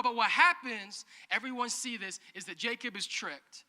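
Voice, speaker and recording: A man's voice: very high voice, moderate pace, pushed and bright, long reverb tail. A man preaching a sermon as pastor, joking in a conversational way and calling on the congregation to respond. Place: church auditorium.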